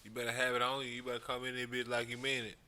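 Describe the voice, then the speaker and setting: A man's voice: mid-range voice, rapid-fire. A man co-hosting a podcast, telling stories in a loose, profane way and laughing often. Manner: animated, laughing, profane storytelling. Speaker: podcast co-host. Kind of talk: casual chat.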